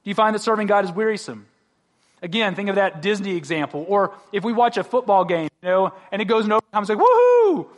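High-voiced man preaching conversationally. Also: fast talker. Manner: conversational preaching with jokes and direct questions to the congregation. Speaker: pastor. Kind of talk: sermon.

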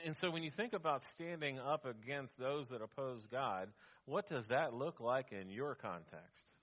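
A man's voice: mid-range voice, fairly bright tone, muffled recording. A pastor preaching a sermon, reading scripture aloud and repeating his key points for the congregation. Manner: reads scripture in a raised voice, preaches with repeated punchlines.

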